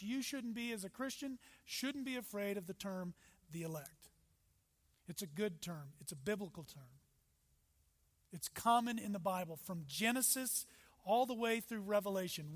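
A man preaching a sermon as pastor, with emphatic rises and sudden soft drops. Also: sits high. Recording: long hall reverb.

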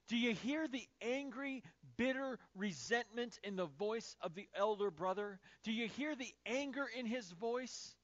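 A male pastor delivering a sermon, swinging from loud emphasis to hushed, quiet phrases. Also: sits high, expressive, unhurried, hardly any pauses, dry recording, dull audio.

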